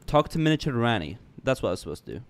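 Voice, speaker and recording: Goofy rambling game streamer. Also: male voice, medium pitch, sing-song, rapid-fire, creaky, a little hiss or hum. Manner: goofy, rambling, self-mocking, stammering restarts. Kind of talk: casual game livestream chat. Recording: jazz music faintly behind.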